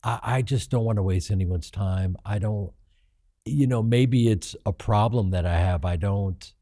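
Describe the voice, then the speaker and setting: Low, dark-voiced man telling stories. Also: measured pace, no room sound, studio quality. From Chicago, United States. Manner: animated, profane, acts out quoted people in raised voices. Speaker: guest actor and comedian. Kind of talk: candid interview storytelling.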